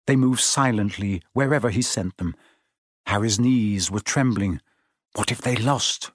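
A man narrating a children's fantasy storybook in an even, measured reading. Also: medium pitch, slightly rough, no room sound, studio quality. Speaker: audiobook narrator.

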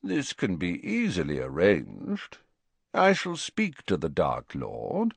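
A man voicing a cold, sneering wizard who speaks slowly, lazily and silkily with a mocking edge, in a storybook reading. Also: low voice, huge pitch swings, vocal fry, no echo, full character voice. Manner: slow, lazy, silky, mocking.

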